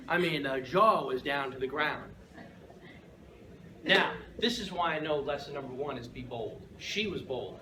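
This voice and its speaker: A man giving a humorous storytelling speech at a speaking club, keeps checking in with "right?" and chuckles often. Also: mid-range voice. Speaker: Toastmasters speaker. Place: room with an audience. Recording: echoey room from far off, noisy.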